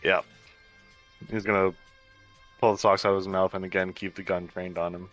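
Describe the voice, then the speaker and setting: Deep-voiced man playing a tabletop game. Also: little pitch movement, moderate pace, fairly bright tone, faint music behind. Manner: casual, filler-heavy. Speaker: player. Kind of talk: casual chat.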